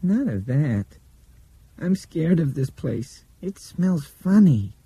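A man's voice: on the high side, big pitch swings, takes it slowly, warm tone, breathy edge, no echo, voice pushed up, exaggerated voice, rough recording. A man voicing a frightened, stubborn little blind girl with a thin, wavery voice in an audiobook. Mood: scared, insistent.

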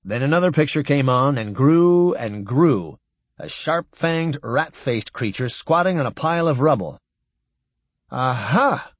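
A man narrating a science fiction audiobook in an expressive way. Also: mid-range voice, normal speed, no echo.

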